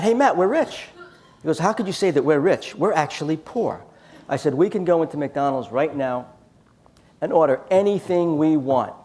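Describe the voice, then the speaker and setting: A man's voice: mid-range voice, gravelly, darkish tone. A man giving a storytelling talk at a church conference, acting out quoted dialogue in his anecdotes. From United States.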